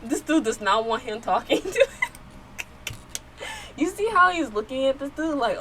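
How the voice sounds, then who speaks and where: A woman with a fairly high voice reacts to a video in casual commentary. She reads subtitles aloud and gets excited, repeating the same phrases. A faint hum sits behind her. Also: moderate pace, pauses often.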